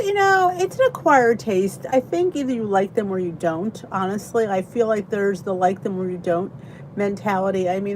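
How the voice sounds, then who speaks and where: A woman's voice: mid-range voice, a little mellow, a little hiss or hum. A tired, chatty woman hosting a casual livestream from her basement, greeting viewers by name and laughing often. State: tired, yawning. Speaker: channel host. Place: basement by a heater.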